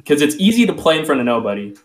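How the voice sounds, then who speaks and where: A man's voice: fairly high pitch, big pitch swings, rapid-fire. A man co-hosting a casual sports podcast who gives candid opinions and swears casually. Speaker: podcast co-host.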